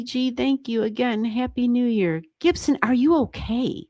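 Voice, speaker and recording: A woman hosting a livestream, chatting casually as she reads charts, excitable and laughing often, with casual swearing. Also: fairly high pitch, unhurried, few pauses, no room sound. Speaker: astrology livestream host.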